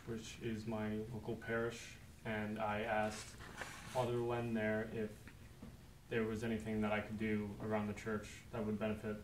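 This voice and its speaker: A young man explains his project matter-of-factly. His voice sits at a middle pitch with little rise and fall. He is heard from a distance in an echoey room with faint noise. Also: darkish tone. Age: young adult. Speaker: Eagle Scout honoree. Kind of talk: prepared public remarks. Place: large public meeting room.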